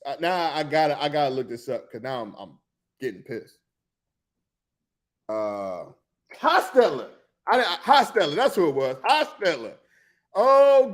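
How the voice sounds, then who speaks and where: Man, sports host, casual chat, rambling, excitable, high voice, swooping pitch. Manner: excitable, rambling, loses his train of thought.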